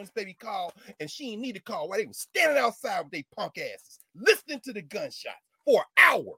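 A man talking in an impassioned casual conversation, swinging from loud outbursts to low murmurs, laughing often and cursing. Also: very animated, fairly quick, creaky, hardly any pauses, husky, dry recording, studio quality. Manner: uses street slang and curses.

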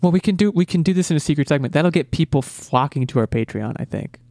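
A man's voice: a little high, expressive, fast talker, vocal fry, mellow, dry recording, clean studio sound. A man hosting a casual movie podcast, talking eagerly and often repeating words as he restarts. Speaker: podcast host.

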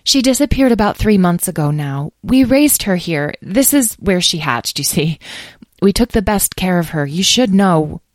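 A woman's voice: on the low side, lively intonation, normal speed, dry recording, natural voice. A woman voicing a young woman who cares for dragons, eager and gushing, words tumbling out. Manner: breathless, gushing. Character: young woman dragon expert, excitable and gentle.

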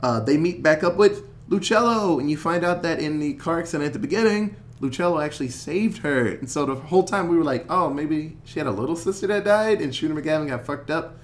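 A man hosting a casual podcast chat, recapping a film in an animated way, swearing and acting out the characters' lines. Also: on the high side, fairly quick.

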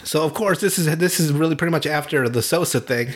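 A man hosting a podcast from home over an online call, telling stories in a lively, profane way and laughing often. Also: on the high side, fast talker. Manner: animated, profane storytelling with frequent laughter. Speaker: podcast host. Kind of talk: casual chat.

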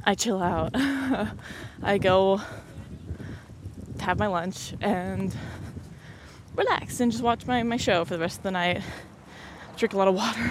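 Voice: medium pitch, slight background noise. A young adult podcast host chatting casually, laughing often and acting out what others said. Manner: laughs often, acts out quoted dialogue. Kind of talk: casual storytelling chat.

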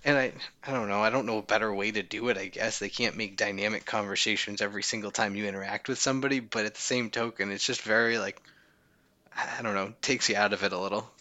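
Male podcast host, low and punchy, wry humor. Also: steady tone, fast, pushed and bright. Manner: wry, joking. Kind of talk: casual chat.

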